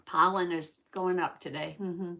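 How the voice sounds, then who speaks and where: A woman hosting a casual craft livestream, chatty and quick to laugh, reading out chat comments and repeating herself, with allergies that make her clear her throat. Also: fairly low pitch, steady tone, a bit bright. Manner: says howdy and reads chat comments aloud.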